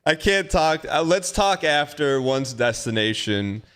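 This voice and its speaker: Lively, playful man in casual chat. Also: a little high, unhurried, clear, resonant tone. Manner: playful, impulsive, laughs often. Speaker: live streamer.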